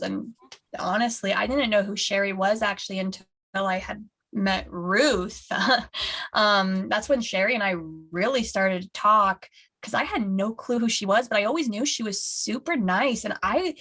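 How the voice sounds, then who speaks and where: Gushing woman with a gravelly edge. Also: mid-range voice, normal speed, bright, forceful tone. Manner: gushing, full of likes and restarts. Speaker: co-host. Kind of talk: casual fan podcast chat.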